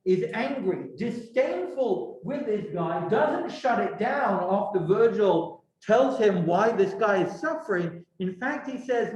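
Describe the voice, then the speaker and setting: A high-pitched man gives a classroom lecture. He quizzes his students and slips in wry asides. The room rings with echo around his voice. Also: slow pace, hardly any pauses, lo-fi sound. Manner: lively, questioning students. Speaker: teacher. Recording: echoey room.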